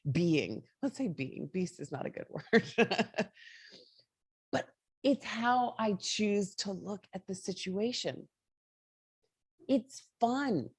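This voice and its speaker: A woman talks through a casual motivational monologue as the host of a morning show. Her voice is a little husky and sits at a middle pitch, and the sound is dry and close. She talks in a chatty, animated way and often breaks into laughter. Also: no room sound.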